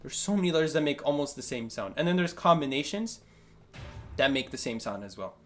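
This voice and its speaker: A man's voice: fairly high pitch, a little fast, slight background noise. A man commentating his own gameplay live, joking and talking to his chat. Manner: animated, joking, talks to chat. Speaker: gaming streamer.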